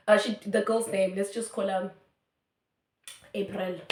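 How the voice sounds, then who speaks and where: A young South African woman telling a story in a chatty, animated way, full of fillers. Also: medium pitch, moderate pace, reverberant. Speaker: YouTuber. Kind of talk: storytime vlog.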